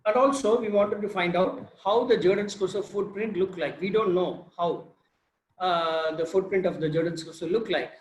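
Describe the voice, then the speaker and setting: An Indian man with a notably high voice tells the story of his field research in an animated, informal way, stopping to quiz his listeners. He speaks over a video call, and the room around him sounds echoey. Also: moderate pace, a little hiss or hum. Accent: Indian English. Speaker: field biologist sharing research. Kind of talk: informal talk on a video session. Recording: roomy echo.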